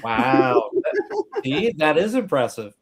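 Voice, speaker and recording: A man's voice: on the high side, big pitch swings, slow, over a noisy crowd. A man hosting a casual interview, jokey with playful slang and stumbling restarts. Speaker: host.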